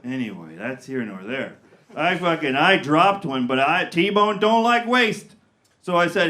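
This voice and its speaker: A man's voice: a little high, big pitch swings, a little slow, bright, forceful tone. A man performing a stand-up comedy set, telling a story with crowd work and acted-out voices in a comedy theater. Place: comedy theater with live audience.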